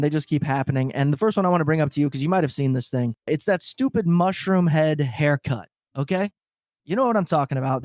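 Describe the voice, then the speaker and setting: Man, podcast co-host, cheerful banter, curses a lot, fairly high voice, dry close sound. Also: no echo. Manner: animated, laughs often, swears freely. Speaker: stand-up comedian. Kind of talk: casual comedic chat.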